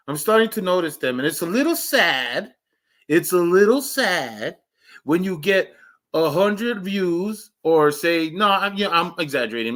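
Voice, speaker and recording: A man chatting casually to viewers on his livestream, joking and rambling, laughing often and swinging between loud outbursts and low mutters. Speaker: livestream host.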